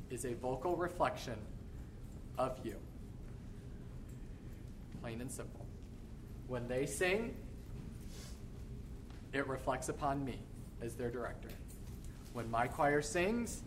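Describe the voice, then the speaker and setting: Male choir director, lively workshop teacher who sings examples; noisy live recording. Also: medium pitch, takes it slowly, long pauses. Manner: animated, demonstrates by singing phrases.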